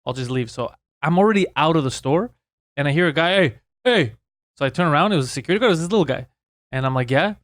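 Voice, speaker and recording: A man's voice: fairly high pitch, expressive, rapid-fire, no echo, clean studio sound. A man co-hosting a comedy podcast, telling stories in casual, profane chat. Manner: swearing, storytelling with laughs. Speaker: podcast co-host.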